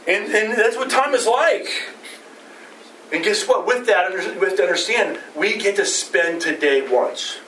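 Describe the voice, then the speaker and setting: A middle-aged male pastor preaches in a loose, conversational way, repeatedly posing rhetorical questions. His slightly bright voice sits a bit above most men's and moves at normal speed. He sounds set back from a distant mic in a roomy sanctuary with faint background noise.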